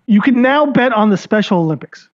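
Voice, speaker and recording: Man, high voice, podcast co-host, hesitant, stammering, muffled lo-fi sound. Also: expressive, brisk. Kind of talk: casual chat.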